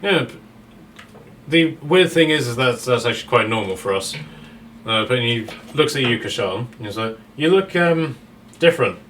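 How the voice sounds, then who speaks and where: A man's voice: medium pitch, normal speed, a bit bright, distant mic, slight background noise. Man narrating as game master. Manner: rambling, with frequent fillers and restarts.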